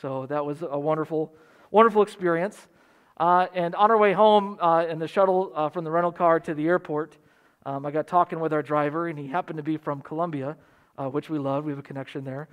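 A man's voice: fairly high pitch, a little fast. A middle-aged man preaching a sermon, telling stories and acting out the voices of the people he quotes. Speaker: pastor.

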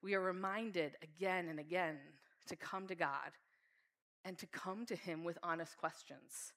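A woman's voice: fairly low pitch, measured pace, fairly bright tone. A woman preaching a sermon in an earnest, heartfelt way. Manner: earnest, reads scripture aloud with feeling.

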